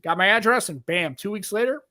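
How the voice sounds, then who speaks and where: Middle-aged male host, quick and high-pitched, rambling anecdotes, dry close mic. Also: no echo. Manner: rambling, animated storyteller who acts out quoted voices. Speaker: podcast host. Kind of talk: casual chat.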